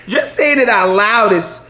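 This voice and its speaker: A woman vlogger telling a story in while doing her makeup, laughing and acting out the quotes in high voices. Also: noisy background. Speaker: beauty vlogger.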